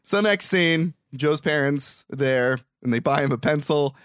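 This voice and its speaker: A man's voice: on the high side, a little slow, a bit bright, smooth, dry recording, clean studio sound. A man hosting a podcast, recapping an old movie in casual chat, swearing, laughing and acting out the characters' lines. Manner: crude, laughing, acts out movie lines in voices. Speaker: podcast host.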